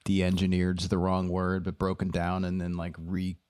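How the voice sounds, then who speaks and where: A man's voice: deep voice, completely flat delivery, moderate pace, a little mellow, clear, resonant tone. A man co-hosting a casual podcast chat, rambling loosely and searching for his words. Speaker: podcast co-host.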